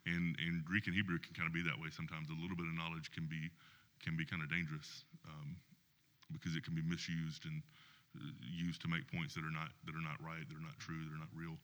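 Quick low-voiced pastor guy, bright edge, checks in with "right?" a lot, echoey hall. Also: level tone. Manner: explains with many "right?" checks. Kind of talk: church panel discussion.

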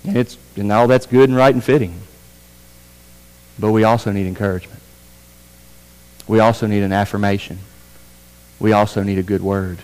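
A man preaching a sermon as pastor, building with fervor through repeated phrases and dropping low for quiet emphasis. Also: steady tone, moderate pace, long pauses, smooth. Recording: church hall with long reverb.

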